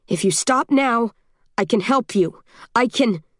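A woman's voice: a little high, animated, unhurried, no room sound. Hurt scared guy in charge, woman narrator voicing him, dry sound. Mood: pleading. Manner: weak and pleading, then panicked. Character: wounded, frightened man leader.

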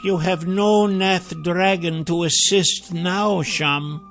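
A man's voice: high-pitched, fairly even intonation, slow, a bit bright, soft background music, pitched above the performer's own voice, exaggerated voice. A male narrator voicing a weary older man who leans on his staff and sighs as he speaks. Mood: grim. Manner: sighing, grimacing.

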